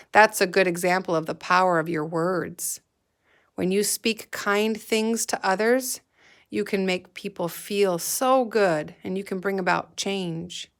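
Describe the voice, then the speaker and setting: A woman's voice: on the low side, steady tone, measured pace, creaky. A woman teacher giving a patient, encouraging reading lesson to young children.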